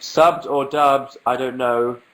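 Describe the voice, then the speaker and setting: A man's voice: medium pitch, fairly even intonation, slow pace, fairly bright tone, poor audio. Young guy with a cold, sniffly and sarcastic, chatting to viewers on a webcam stream at home. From England. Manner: dry, self-mocking and sarcastic. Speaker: livestream host answering viewer questions. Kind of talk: casual livestream chat.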